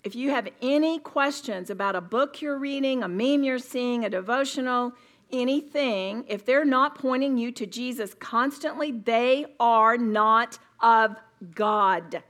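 A woman's voice: high-pitched, moderate pace. Emphatic woman preaching at a retreat. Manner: emphatic, repeats words for stress. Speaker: women's retreat speaker. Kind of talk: sermon.

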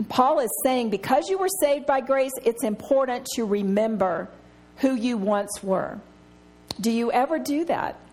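Woman, middle-aged, Bible study teacher, story-driven and giggly, pitched a bit high. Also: measured pace, a little mellow. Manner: laughs often while telling stories.

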